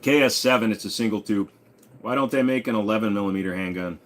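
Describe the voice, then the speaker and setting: A man's voice: fairly low pitch, fast talker, slight background noise. A man hosting a casual live stream, reading viewer questions aloud and answering offhand from his room at home. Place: home room with a gun wall.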